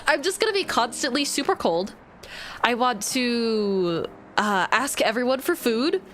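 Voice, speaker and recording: A woman's voice: on the high side, expressive, slow pace, a bit bright. A woman streamer chatting casually to her viewers, bubbly and giggly, rambling between thoughts. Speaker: VTuber streamer.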